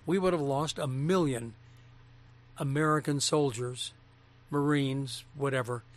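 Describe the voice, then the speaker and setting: A man's voice: mid-range voice, unhurried. A veteran broadcaster reminiscing earnestly about people he met during his career, in casual chat. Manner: reminiscing, earnest, with small restarts. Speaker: broadcaster and former TV interviewer.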